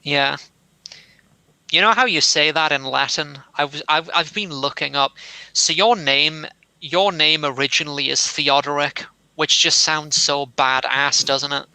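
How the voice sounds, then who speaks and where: Young British man, somewhat posh, casual co-host, dry and wordy; crisp voice with vocal fry. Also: fairly high pitch, measured pace, pushed and bright, no room sound, poor audio. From England. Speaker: podcast co-host. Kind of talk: casual chat.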